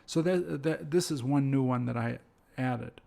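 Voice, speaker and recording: A man teaching an English lesson, speaking slowly and carefully and repeating example phrases. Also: mid-range voice, gravelly, warm tone. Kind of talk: slow, deliberate language lesson.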